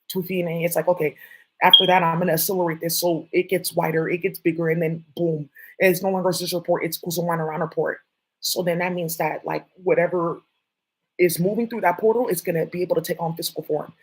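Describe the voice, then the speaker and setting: A woman's voice: on the low side, breathy edge, poor audio. A woman vlogger talking to her viewers in a rambling, jumpy monologue, swearing often.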